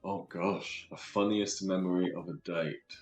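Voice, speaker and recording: A man from London with a London accent, a guest telling stories from his life in an earnest, halting way with many restarts. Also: low-pitched, steady tone, echoey room, soft background music. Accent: London English. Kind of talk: casual storytelling interview.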